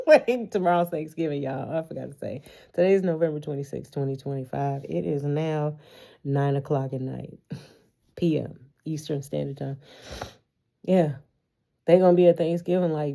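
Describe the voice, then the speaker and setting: A woman's voice: deep voice, moderate pace, vocal fry, pauses often, warm tone. A woman giving a casual tarot reading to her viewers, talking animatedly, swearing freely and laughing often. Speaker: tarot reader.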